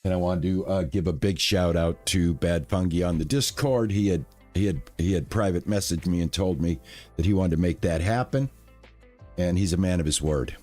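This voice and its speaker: A man chatting casually on a live stream, relaxed and thankful, with lots of fillers and restarts. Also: sits low, moderate pace, soft background music.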